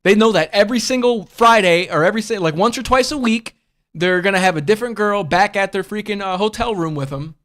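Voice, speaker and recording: A man's voice: sits high, brisk, fairly bright tone. A man hosting a casual livestream chat, talking bluntly and profanely and rambling through restarts and fillers. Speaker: livestream host.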